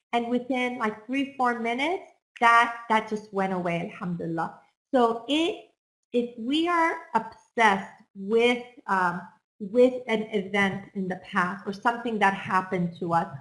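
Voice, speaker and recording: Woman counselor, fairly high voice, earnest and encouraging, addresses the audience, echoey room. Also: a bit bright. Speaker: counselor speaking on self-esteem. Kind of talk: talk to an audience.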